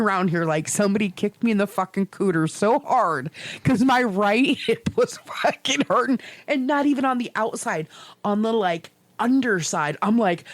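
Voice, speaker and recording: A middle-aged woman co-hosting a podcast, telling stories in a swearing, animated way with laughs, in casual chat. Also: medium pitch, no echo. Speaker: podcast co-host.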